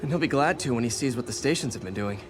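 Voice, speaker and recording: An actor voicing an energetic young masked hero in a video game, quick and quippy. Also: male voice, medium pitch, background noise, close to an everyday voice. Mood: upbeat. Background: game music.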